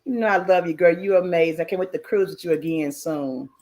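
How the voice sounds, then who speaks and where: A woman's voice: lowish voice, fast, a little mellow. A woman hosting a casual live stream about cruising, talking frankly, greeting chatters by name and laughing often. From United States.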